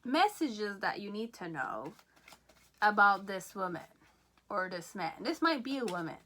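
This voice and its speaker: A woman reads tarot cards for her viewers at an unhurried pace. Her voice is bright and forward, and she sounds excited. She keeps breaking off with "okay?" and is a little out of breath. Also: medium pitch. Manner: excitable, repeats "okay?" often, laughs. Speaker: tarot reader. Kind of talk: pick-a-card tarot reading.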